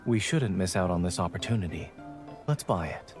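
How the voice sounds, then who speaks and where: A man voicing a calm, reserved young male doctor in game dialogue, with dry, measured delivery. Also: deep voice. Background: game music.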